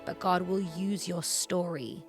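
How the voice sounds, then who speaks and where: An Australian woman with a somewhat low voice speaks as a guest in a faith interview. Her tone is earnest and heartfelt, encouraging the listener. Soft music plays faintly behind her. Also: steady tone, measured pace.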